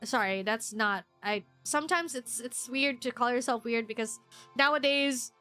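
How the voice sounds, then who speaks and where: Young woman streamer, somewhat high and very bright, rambling chat that keeps restarting, self-deprecating with frequent giggles. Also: normal speed, soft background music. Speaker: VTuber streamer. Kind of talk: casual chat while streaming a game.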